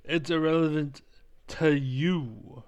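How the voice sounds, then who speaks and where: A man's voice: on the high side, slow. A man giving angry reaction commentary, profane and combative, rambling as he argues. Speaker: reaction video creator.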